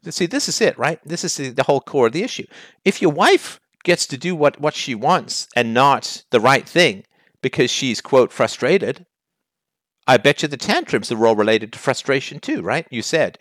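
A man's voice: medium pitch, big pitch swings, moderate pace, a bit bright, no echo. Guy hosting a call-in show, blunt and fired up, voice jumps all over, dead dry sound. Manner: blunt, challenging, heated.

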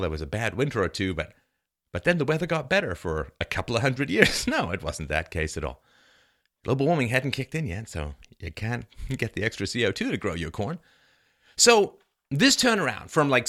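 A man's voice: mid-range voice, sharp tone. A man hosting a podcast, giving a sarcastic history monologue and reading old quotes in a dramatic way. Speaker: podcast host.

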